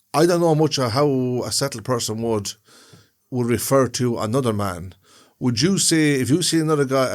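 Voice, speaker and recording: A man co-hosting a podcast in casual chat, explaining things at length with long rambling examples. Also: mid-range voice. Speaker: podcast co-host.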